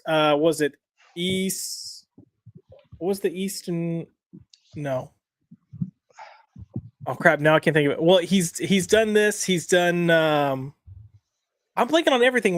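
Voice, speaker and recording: A man's voice: a little high, no room sound, clean studio sound. A man co-hosting a weekly comics podcast in casual chat, reading lines aloud and checking the live chat.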